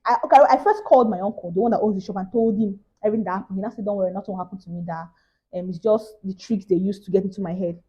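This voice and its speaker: A woman's voice: medium pitch, rapid-fire, mellow, breathy edge, muffled recording. A young Nigerian woman with a Nigerian accent, telling a story in a casual vlog and acting out the other people's voices. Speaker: vlogger.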